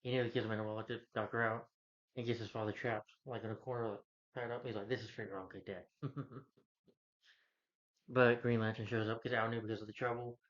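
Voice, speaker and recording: A man's voice: mid-range voice, little pitch movement, quick pace. A man casually retelling a film's plot as a reviewer, rambling, with frequent restarts. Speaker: film reviewer. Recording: dull lo-fi recording.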